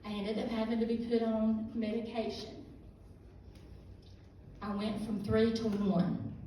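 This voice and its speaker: Middle-aged woman, mellow dark voice, emotional testimony, echoey hall, mic a ways off. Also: a little high, little pitch movement, slight background noise. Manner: slow, halting, emotional. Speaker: guest speaker at a church youth service. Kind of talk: personal testimony. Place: church hall. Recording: echoey room heard from a distance.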